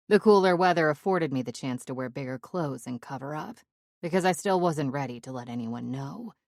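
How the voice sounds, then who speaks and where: Low-voiced woman reading an audiobook. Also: dry recording, clean studio sound. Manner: measured, conversational storytelling. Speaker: audiobook narrator. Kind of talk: first-person audiobook narration.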